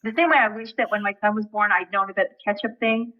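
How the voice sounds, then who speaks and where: Woman, interview guest, animated storytelling, acts out quotes, casual swearing, dry dull sound. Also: medium pitch, quick pace, no echo.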